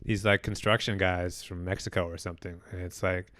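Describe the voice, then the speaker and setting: A man chats easily on a podcast, throwing in quips and quick laughs. His voice is close and dry, with no echo around it. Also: low-pitched, level tone, fairly bright tone. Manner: laid-back, reacts with short laughs and quips. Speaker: podcast co-host. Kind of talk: casual chat.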